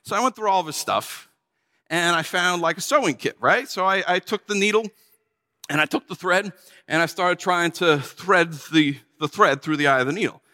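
Man, dramatic first-person sermon, animated, exclamatory, high voice, long reverb. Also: normal speed. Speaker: preacher.

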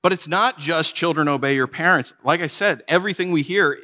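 A pastor preaching in a relaxed, joking way, slipping into little acted-out stories. His voice is fairly high and very bright, and it rings out with a long reverb through the church sanctuary. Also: brisk. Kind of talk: sermon.

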